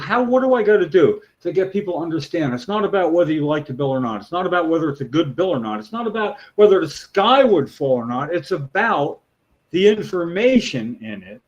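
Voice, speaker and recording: A man's voice: a little high, muffled recording. A man, a show co-host, talking casually about politics, outraged and emphatic, swearing freely. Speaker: podcast co-host, patient rights advocate. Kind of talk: heated casual political talk.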